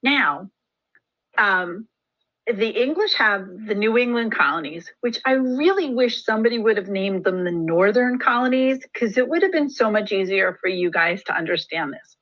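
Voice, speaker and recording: A woman's voice: medium pitch, expressive, moderate pace. A woman teacher talks through a history lesson in a chatty way and drops joking asides, with a medium voice. The recording sounds dull and a bit lo-fi. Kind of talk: classroom lesson screencast.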